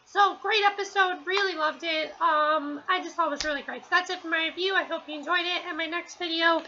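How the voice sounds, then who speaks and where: A woman's voice: very high-pitched, steady tone, a little fast, pushed and bright, dull audio, slight background noise. A woman giving a casual, rambling spoken review at home, with many fillers and restarts. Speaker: TV episode reviewer.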